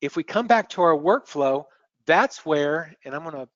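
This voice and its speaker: A man presenting a software demo on a screen-share webinar, explaining step by step in a relaxed way and often repeating words as he clicks. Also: on the high side, moderate pace, no echo. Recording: dull lo-fi webinar audio.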